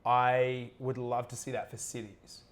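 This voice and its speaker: A man hosting a casual livestream chat, animated and joking, reading out viewer comments as he goes. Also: mid-range voice, measured pace. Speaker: livestream host.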